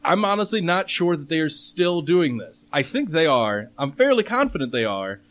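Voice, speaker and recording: A man hosting a casual gaming podcast, laying out details with wry, deadpan sarcasm. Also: on the high side, moderate pace. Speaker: podcast host. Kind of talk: casual panel chat.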